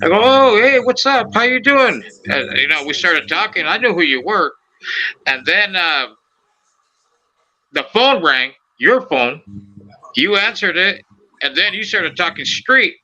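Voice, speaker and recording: A man's voice: a little high, measured pace, pauses often, muffled recording. A man hosting a podcast, telling stories in casual chat, swearing freely and acting out the voices of the people he quotes. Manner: animated, profane, acts out quoted voices. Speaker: podcast host.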